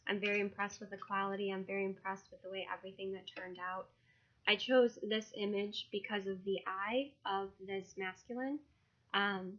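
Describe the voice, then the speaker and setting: A woman who reads tarot and is launching her own card deck, talking casually, emotionally and haltingly, with many fillers. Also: medium pitch, a bit bright, dull audio. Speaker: tarot reader and deck creator. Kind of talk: casual video walkthrough.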